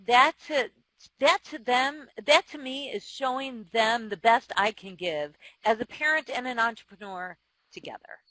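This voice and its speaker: A bright, forceful woman in her forties speaks candidly as an interview guest. She tells personal stories with self-deprecating frankness and laughs between thoughts. Her voice sounds dry and close. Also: mid-range voice, dry recording, poor audio. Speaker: company CEO and author, guest.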